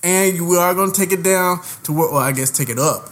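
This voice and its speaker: A man's voice: high-pitched, fairly quick, a bit bright. Rambling, joking New man. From New York. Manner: rambling, many fillers and restarts, joking. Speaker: podcast co-host. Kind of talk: casual chat.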